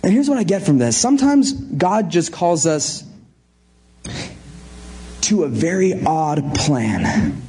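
A male pastor preaching a sermon, lively and animated, acting out scenes with playful asides. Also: on the high side, slow pace, pauses often, husky. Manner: animated, acts out Bible scenes with voices and laughs.

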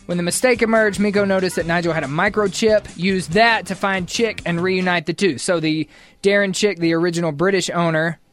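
A co-host reading offbeat news stories at a middling pitch and breaking in with joking asides. The delivery mixes scripted reading with playful banter, and soft music plays behind the voice. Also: fairly even intonation, a little fast.

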